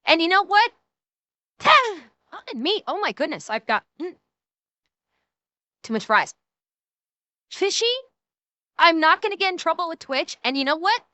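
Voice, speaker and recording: High, bright-voiced ranting woman streamer. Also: sing-song, dry recording. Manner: emphatic, ranting, heavy swearing; quick shifts between mocking and serious. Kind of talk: casual reaction stream commentary.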